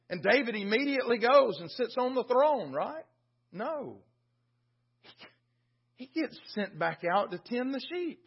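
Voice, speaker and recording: Pastor guy preaching, high husky voice, tells bible stories earnestly, muffled church recording. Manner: earnest storytelling preaching, retells scripture with acted quotes. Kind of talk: sermon. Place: church sanctuary.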